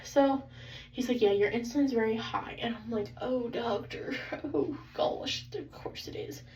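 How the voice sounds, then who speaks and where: A young woman tells an exasperated, animated story about a doctor's visit, filling her talk with "like". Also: fairly high pitch, a little slow. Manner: animated, exasperated, heavy use of "like". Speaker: vlogger. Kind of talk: casual storytime rant. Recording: slightly distant, dull, faintly noisy.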